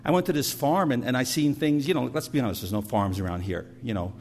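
A man's voice: mid-range voice, fast talker, a little mellow, a little hiss or hum. A middle-aged man preaching a sermon, telling stories in a conversational way and often repeating words as he goes. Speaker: pastor.

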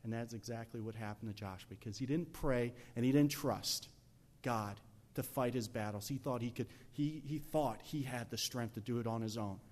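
A man preaching a sermon in a church, lively and conversational, acting out scenes, swinging from shouts to whispers, with many "you know"s. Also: medium pitch, normal speed.

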